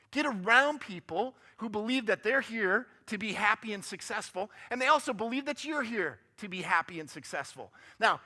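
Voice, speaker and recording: Upbeat high-voiced man speaking in church. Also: pushed and bright. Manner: upbeat, joking, asks the audience questions. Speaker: guest speaker. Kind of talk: motivational church talk. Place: church sanctuary.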